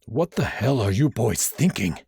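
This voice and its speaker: A man's voice: mid-range voice, expressive, moderate pace, husky, no echo. A man voicing a stern male college professor who growls orders at students in an audiobook. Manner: growling, commanding.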